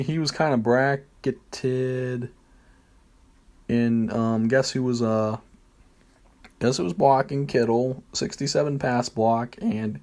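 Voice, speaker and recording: Slow, rambling male game streamer. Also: mid-range voice, a little mellow. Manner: rambling, hesitant, many fillers, self-deprecating. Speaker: streamer playing a football video game. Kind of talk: casual gameplay commentary.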